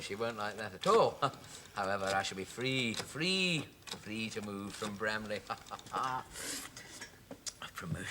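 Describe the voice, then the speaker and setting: An actor playing a fussy, flustered bachelor in a sitcom. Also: male voice, medium pitch, bright, forceful tone, slight background noise. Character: fussy put-upon young English bachelor. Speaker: office clerk. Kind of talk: sitcom acting.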